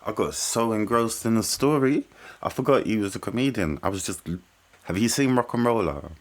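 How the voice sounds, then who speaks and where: A man's voice: lowish voice, animated, normal speed. A man hosting a reaction video, offering musing offhand remarks after a clip. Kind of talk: casual reaction commentary.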